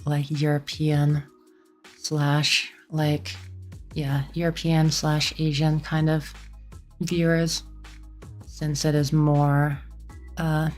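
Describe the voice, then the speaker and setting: A woman's voice: sits low, a little mellow. A young woman from Canada streaming a game, chatting casually with viewers in a rambling way full of "like" and restarts.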